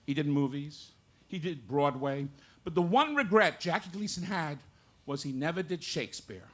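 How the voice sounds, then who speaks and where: A man's voice: fairly high pitch, normal speed, fairly bright tone. A male impressionist bantering playfully on a small cabaret stage, with joking asides. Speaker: impressionist performer. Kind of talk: live stand-up banter. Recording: live club with faint room noise.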